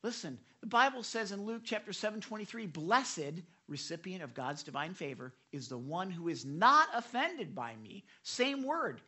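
A preacher giving an animated devotional sermon, retelling scripture with many repeated starts and asking listeners direct questions. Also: medium pitch, normal speed, few pauses, slightly rough.

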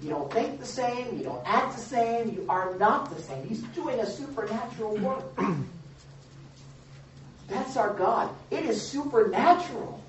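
A woman's voice: on the high side, expressive, unhurried, muffled recording, background noise. Woman preaching, roomy distant recording. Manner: conversational, asks the congregation questions. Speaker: pastor. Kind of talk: sermon.

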